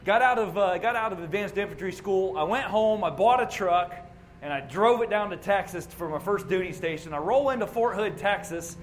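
A man's voice: high-pitched, expressive, normal speed, slight background noise. A man and racing ministry chaplain giving an informal sermon at a racetrack, telling a personal story in a conversational, plainspoken way.

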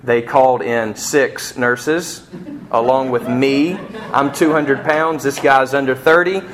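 A man preaching a sermon as a pastor, telling a personal story with passion and swinging between hushed and near-shouting delivery. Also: mid-range voice, fairly even intonation, slow, crowd noise.

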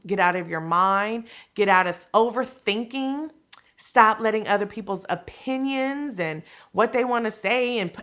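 A woman talks straight to her podcast listeners in a casual motivational monologue. Her voice is bright and forward, sitting at an ordinary pitch for a woman. She coaxes and pushes with slangy, direct phrasing, checking in often with "you know what I'm saying?". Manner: colloquial, slangy delivery. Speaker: podcast host.

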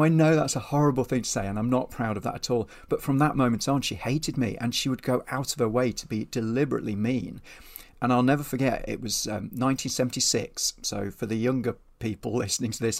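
A man in his fifties, a behaviour trainer telling stories as an interview guest in a chatty, self-deprecating way. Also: medium pitch. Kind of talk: casual storytelling in an interview.

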